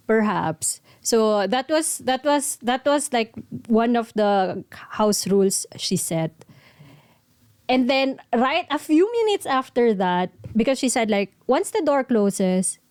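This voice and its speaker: A woman's voice: a little high, expressive, slow pace, darkish tone, smooth, no echo, studio quality. A woman co-hosting a podcast, telling a story in a rambling, casual way with many fillers. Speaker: podcast co-host.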